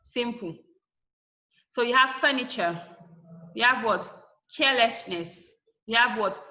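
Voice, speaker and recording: A woman's voice: fairly high pitch, a little slow, sharp tone. A woman teacher giving a classroom English lesson, spelling out word endings letter by letter and repeating each example word. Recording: dull lo-fi classroom recording.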